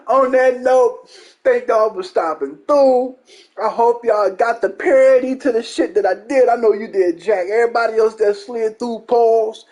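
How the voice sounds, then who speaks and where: High-voiced man ranting about games. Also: moderate pace, darkish tone. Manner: profane, mocking, emphatic. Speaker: gaming channel host. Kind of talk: ranting gaming commentary.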